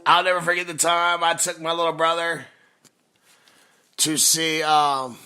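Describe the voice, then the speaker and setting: A man's voice: fairly high pitch, level tone, measured pace, pauses often, pushed and bright, smooth. A man in his forties, a podcast host, telling a nostalgic story with emphatic, repeated phrases. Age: 40s. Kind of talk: storytelling monologue.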